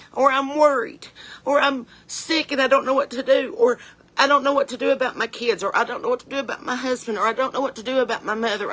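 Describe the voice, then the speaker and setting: A woman's voice: medium pitch, pushed and bright. A woman playing a blunt, chain-smoking porch mom, talking in a folksy, earnest, rambling way. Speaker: comedian in character. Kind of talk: comedic character monologue.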